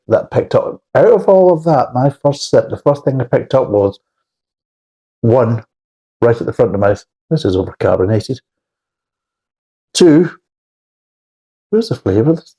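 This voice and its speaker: A man's voice: mid-range voice, warm tone, slightly rough, rough recording. A man giving a blunt, rambling, sweary beer review in a casual spoken style.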